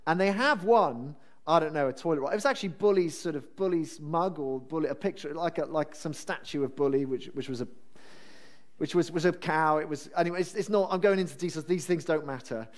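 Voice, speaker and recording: A man preaching a sermon in a chatty, self-deprecating and animated way. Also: on the high side, a little fast.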